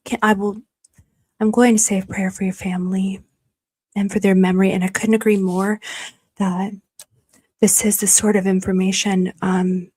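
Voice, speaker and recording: A woman's voice: mid-range voice, level tone, normal speed, long pauses, a little mellow. A woman hosting a casual livestream, reading viewer super chats, gushing and emotional, often trailing into a whisper. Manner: gushing and emotional, many restarts, drops to a whisper. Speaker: livestream host.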